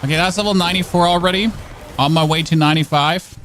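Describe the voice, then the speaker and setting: Fast-talking and fairly bright, this German-accented man from Germany has a fairly high, fairly even voice, with a little hiss or hum on the recording. He rambles and jokes through casual commentary on the game he's streaming, repeating and correcting himself and often restarting sentences.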